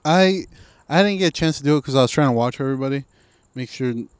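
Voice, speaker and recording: A man's voice: medium pitch, fast talker, clean tone, dry recording. A man co-hosting a podcast in casual chat, laid-back and wry, swearing freely. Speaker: podcast co-host.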